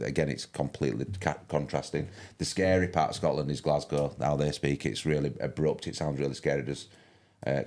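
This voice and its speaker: An older man with a broad West Yorkshire accent and a very low, deep voice talks casually as a fishing commentator. He rambles, restarting his sentences and filling the gaps with ums. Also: darkish tone. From West Yorkshire, England. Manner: rambling, with many restarts and fillers. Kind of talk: casual live-stream chat.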